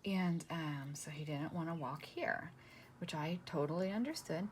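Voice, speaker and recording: A woman in her forties, a craft vlogger, chatting casually and rambling through a story while she works, sometimes dropping to a soft near-whisper. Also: low voice, normal speed. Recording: paper crinkling noise in the background.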